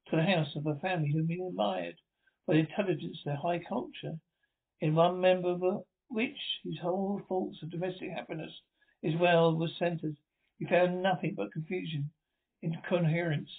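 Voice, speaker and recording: Male audiobook narrator, dramatic storybook reading; phone-like, lo-fi sound. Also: a little high. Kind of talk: dramatic reading of a Gothic novel. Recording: tinny lo-fi recording.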